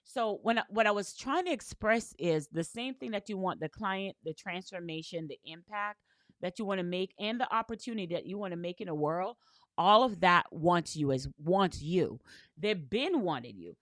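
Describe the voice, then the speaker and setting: This business coach has a fairly low, lively voice and keeps a moderate pace in a dry recording. Her motivational talk is earnest and full of repeated stories, with frequent "right?" checks and spiritual, faith-based wording.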